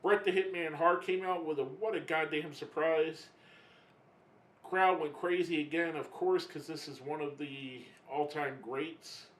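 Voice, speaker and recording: A man giving a casual spoken review, emotional and halting, often getting choked up and restarting his sentences. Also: a little high, fairly even intonation, fairly bright tone, echoey room, poor audio. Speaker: wrestling reviewer.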